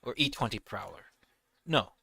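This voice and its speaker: Rambling young man with a bright voice. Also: on the low side, expressive, normal speed, gravelly, slightly rough, no echo. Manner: rambling, rants animatedly. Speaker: gaming video creator. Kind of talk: casual gameplay commentary.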